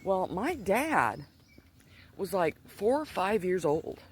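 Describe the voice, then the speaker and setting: A man's voice: sits high, very animated, slow. A middle-aged man telling a personal testimony in a casual, rambling way, slightly out of breath as he walks outdoors. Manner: rambling, digressive storytelling with many restarts. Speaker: Christian vlogger. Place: outdoors, walking.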